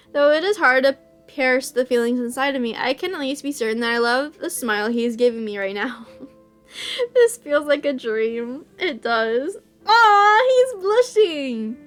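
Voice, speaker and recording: A woman reading a visual novel aloud, emotional and quick to burst into excited reactions. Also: high-pitched.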